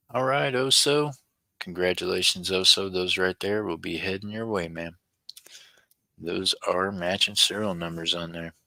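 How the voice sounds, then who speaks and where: In a low-quality, echo-free recording, a middle-aged man runs a live-stream auction as its chatty host. His low, creaky voice has a sharp tone, and he reads viewer comments aloud with plenty of chuckles.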